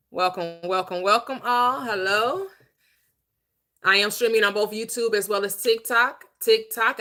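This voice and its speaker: A woman hosting a livestreamed Bible teaching, preaching in an emphatic, conversational way, slowing down to stress key phrases and chatting with viewers in between. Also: mid-range voice, sharp tone. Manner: chatty asides to viewers, quick laughs.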